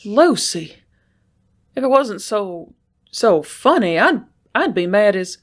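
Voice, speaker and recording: A woman voicing an earnest young male horse rider in an audiobook, with a rough-spoken, pleading manner. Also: medium pitch, moderate pace, lightly acted. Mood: indignant. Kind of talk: audiobook character reading.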